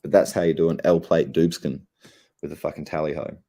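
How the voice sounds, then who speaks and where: A man's voice: rumbling low, little pitch movement, a little fast, mellow, slight background noise. A young Australian man, stoned and laid-back, rambling and swearing heavily in a casual livestream chat. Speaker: streamer.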